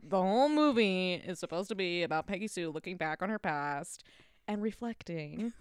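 A woman's voice: fairly low pitch, expressive, moderate pace, clear, resonant tone, dry recording, studio quality. A young woman co-hosting a casual film chat, laughing often and swearing freely. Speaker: podcast co-host.

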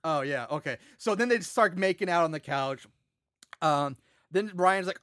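A man with a high, bright voice co-hosts a casual movie podcast and walks through the plot in an animated, cursing way. He laughs easily and keeps the retelling loose. The sound is dry and close. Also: moderate pace, no room sound. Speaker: podcast co-host. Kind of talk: casual movie recap chat.

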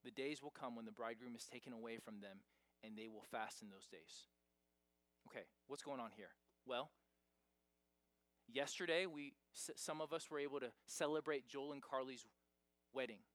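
A man's voice: medium pitch, normal speed, dry recording. A man preaching a sermon as pastor, talking in a conversational way and pushing hard on key points. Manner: conversational, emphatic, rising to loud stresses.

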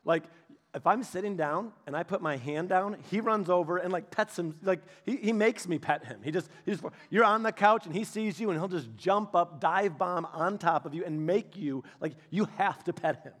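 A man pastor giving a casual, storytelling sermon, chatty and animated, speaking directly to his congregation. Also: high-pitched, normal speed. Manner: chatty, animated, many restarts and asides.

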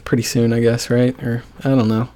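A man with a middle-pitched, ordinary voice hosting a casual sports podcast. He talks loosely, jokes around, and corrects himself mid-sentence. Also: level tone, a little fast, mellow. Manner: loose, self-correcting, joking. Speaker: podcast host.

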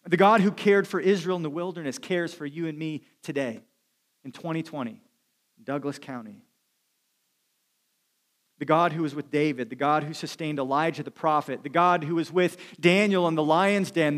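A man preaching with a fairly high voice. He delivers the sermon earnestly, easing down to a slow, hushed tone when he wants a line to land. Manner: earnest preaching, slows and drops quiet for emphasis. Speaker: pastor.

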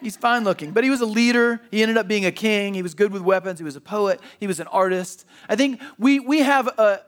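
A man's voice: high voice, a little fast. A man preaching a sermon in a church, conversational and emphatic, often restarting and repeating words. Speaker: pastor.

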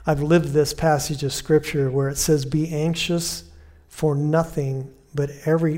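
A man preaching a conversational sermon, repeating key phrases and slowing down to quote Scripture softly. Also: fairly high pitch. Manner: slows and softens when quoting Scripture.

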